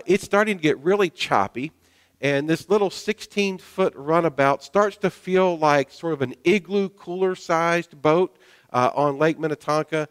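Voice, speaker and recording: A male pastor telling a personal story in a sermon, folksy and self-deprecating, with many hesitant pauses, speaking in a church sanctuary. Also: a little high, a bit bright, clean tone. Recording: long hall reverb.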